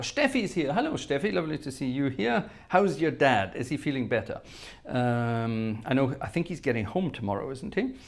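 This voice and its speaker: Hosting a live-streamed organ music show, a chatty man greets his viewers by name and hums to himself as he reads the chat. His voice is medium in pitch, and the talk is casual stream banter.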